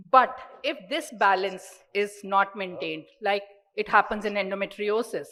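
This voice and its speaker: A woman's voice: fairly high pitch, fairly bright tone, poor audio. A woman with an Indian accent giving an earnest, explanatory medical lecture at a conference, repeating words for emphasis.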